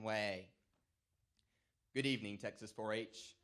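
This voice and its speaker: A man's voice: mid-range voice, lively intonation, moderate pace, fairly bright tone. Man telling a story with dramatic flair. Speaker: 4-H council candidate. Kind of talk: prepared campaign speech with storytelling.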